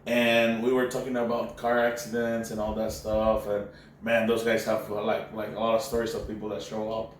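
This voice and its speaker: A man's voice: fairly low pitch, moderate pace. Mexican man telling a story in an echoey room. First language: Spanish. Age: adult, former university professor. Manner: animated storyteller, loose slangy talk with many "bro"s and restarts. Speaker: podcast host. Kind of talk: casual storytelling chat. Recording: echoey room, distant mic, faint noise.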